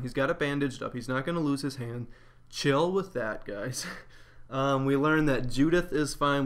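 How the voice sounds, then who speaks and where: A man's voice: medium pitch, fairly bright tone. A man giving a casual spoken episode review, rambling with lots of fillers.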